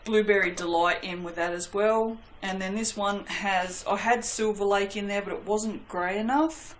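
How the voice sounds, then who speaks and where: A woman's voice: medium pitch, normal speed, roomy sound, a little hiss or hum, poor audio. A woman hosting a casual soap-making vlog, chatty and rambling, poking fun at herself and swearing now and then. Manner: rambling, self-deprecating, swears lightly. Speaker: soap-making channel host. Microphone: webcam.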